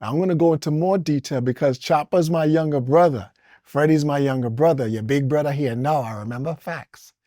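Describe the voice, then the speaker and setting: A man's voice: on the high side, a little fast, dark tone, no room sound, clean studio sound. A man in his forties, originally from the Caribbean, talking as an interview guest in a loose, rambling way that jumps between topics and is broken up by chuckles. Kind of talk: casual storytelling interview.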